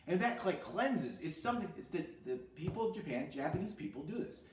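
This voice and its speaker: A man teaching an e-learning music therapy lesson for children, animated, asking questions and answering them himself, now and then singing short lines. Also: fairly high pitch, brisk, reverberant, recorded from a distance, slight background noise.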